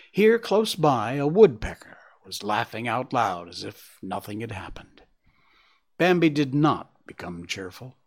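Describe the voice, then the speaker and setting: A man narrating a storybook in an expressive, measured way. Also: mid-range voice.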